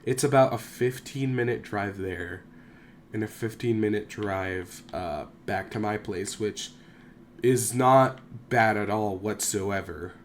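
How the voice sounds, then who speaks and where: A young man with a lowish voice rambles through a casual vlog monologue, dropping frequent swears and self-deprecating asides. A faint hum of room ambience sits underneath. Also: takes it slowly. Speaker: YouTuber.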